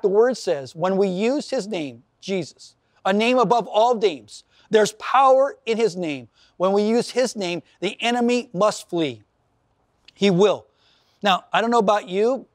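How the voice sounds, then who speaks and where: High-voiced earnest preaching man. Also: no room sound, clean studio sound. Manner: earnest, emphatic preaching with scripture readings. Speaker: pastor. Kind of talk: sermon to camera.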